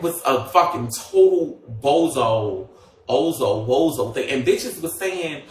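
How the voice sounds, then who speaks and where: A man's voice: a little high, lively intonation, takes it slowly, a little mellow, echoey room, recorded from a distance, a little hiss or hum. A man chatting casually on a livestream, sassy and gossipy, with many fillers and asides.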